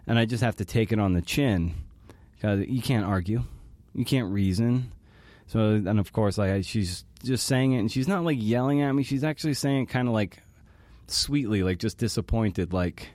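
A man speaks in a somewhat low register, hosting his own podcast. His delivery is halting and emotional, full of restarts. The sound is dry, with no room echo. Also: a little mellow. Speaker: podcast host. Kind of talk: personal monologue.

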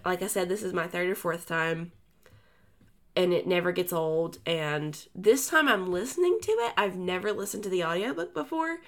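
A woman's voice: mid-range voice, fairly bright tone. Chatty woman co-hosting a book podcast. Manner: chatty, full of fillers and restarts. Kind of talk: casual book chat.

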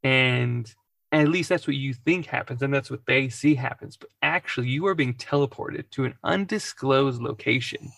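A man's voice: medium pitch, normal speed, creaky, fairly bright tone. A man narrating a tabletop game as game master, rambling and laughing often between lines.

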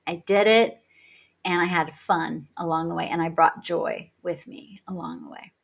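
A woman's voice: fairly low pitch, moderate pace, gravelly, husky. This is a woman in conversation, talking with energy and humor. She laughs easily and jumps into little acted-out bits of dialogue as she tells her stories. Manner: energetic, laughs often, acts out quoted dialogue. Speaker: podcast guest. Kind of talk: animated conversational storytelling.

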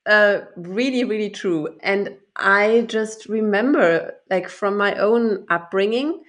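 A woman's voice: medium pitch, slow, a bit bright. Hesitant woman thinking aloud. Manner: hesitant, searches for words, laughs often. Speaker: discussion participant. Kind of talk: casual conversation.

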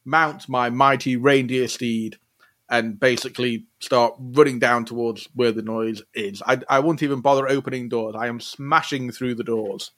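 A man's voice: mid-range voice, steady tone, normal speed, fairly bright tone. A man playing a tabletop game, enthusiastic and jokey. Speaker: player. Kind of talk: casual tabletop play.

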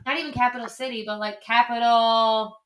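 A woman's voice: a little high, fairly even intonation, fairly quick. A woman who works as a kindergarten teacher, chatting on a podcast and explaining things in simple terms, with plenty of "like"s. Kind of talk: casual podcast banter.

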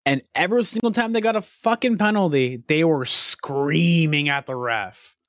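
A man's voice: on the high side, normal speed, dry recording, studio quality. A young man telling a long rambling story on a podcast, swearing freely and getting worked up. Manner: animated, profane, rambling storytelling. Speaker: podcast co-host.

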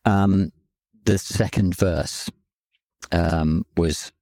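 Low-voiced man recalling a song. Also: steady tone, mellow, dry recording. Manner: halting, repeats words, openly emotional. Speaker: lyricist and singer in a band. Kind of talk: reflective podcast chat.

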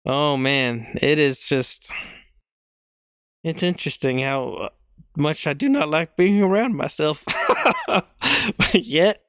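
A man's voice: on the high side, dry recording, clean studio sound. A young man hosting a podcast alone, rambling casually, mocking himself and laughing often. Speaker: podcast host.

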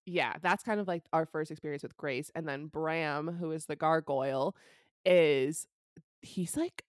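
Low-voiced chatty young woman, dry sound. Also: a little slow, no room sound. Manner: chatty, peppered with "like" and casual swearing. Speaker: podcast co-host. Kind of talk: casual book recap chat.

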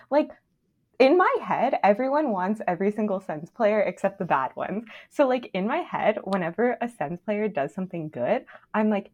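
A young woman co-hosting a casual podcast, gushing and animated as she talks. She packs her sentences with fillers and restarts, jumping between loud excitement and quieter asides. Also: medium pitch, moderate pace, muffled recording. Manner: animated, filler-heavy, gushing fan talk. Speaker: podcast co-host. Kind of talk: casual chat.

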